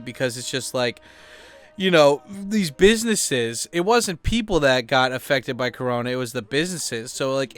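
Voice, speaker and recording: Rambling, foul-mouthed man with a smooth voice. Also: mid-range voice, a bit bright. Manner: rambling, profane, heavy on fillers. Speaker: YouTuber. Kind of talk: casual talking-head chat. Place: at home.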